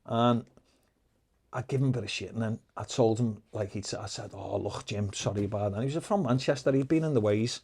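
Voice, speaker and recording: A middle-aged man, a podcast guest telling lively, profane anecdotes in casual storytelling. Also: fairly low pitch, fairly quick, slightly rough. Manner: swears freely, lively anecdotes.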